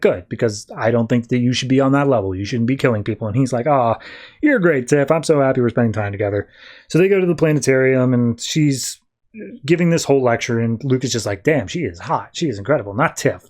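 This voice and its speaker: A man on a podcast recapping a comic book plot, retelling the scenes in quick, loose quoted back-and-forth with lots of fillers. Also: mid-range voice, darkish tone. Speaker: podcast host.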